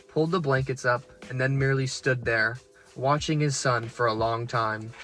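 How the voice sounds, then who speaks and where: A man giving a rambling, excitable spoken book review from his car, swearing freely as he talks. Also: mid-range voice. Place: parked car.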